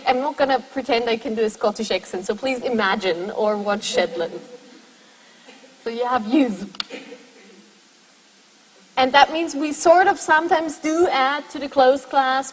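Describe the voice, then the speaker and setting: A woman's voice: fairly high pitch, slightly rough, in a large hall, poor audio. A woman giving a university lecture to students, explaining step by step and often checking in with "right?". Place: lecture hall.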